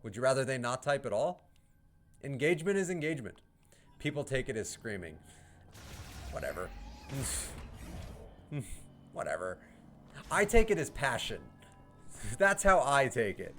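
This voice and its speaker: Male streamer, casual and profane, talking over quiet game music. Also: mid-range voice, very animated, moderate pace. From United States. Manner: profane, heated ranting with laughs. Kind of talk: casual live-stream chat.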